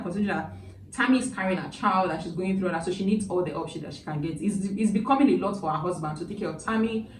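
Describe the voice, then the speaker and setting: A woman chatting through a movie review in a casual, emotional way, with lively asides. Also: medium pitch. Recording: echoey room, distant mic, background noise.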